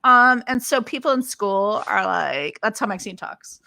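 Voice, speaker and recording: Woman cohost chatting on a podcast, gushing, laughs a lot, sharp bright voice. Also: mid-range voice, expressive, creaky. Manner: effusive, quick to laugh. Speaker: podcast co-host. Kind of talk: casual chat.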